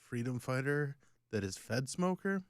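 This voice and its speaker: A man's voice: medium pitch, measured pace, smooth, no room sound, studio quality. A man in his forties hosting a casual comedy podcast, telling stories and mocking people in put-on voices. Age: 40s. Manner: animated storytelling, mocking voices.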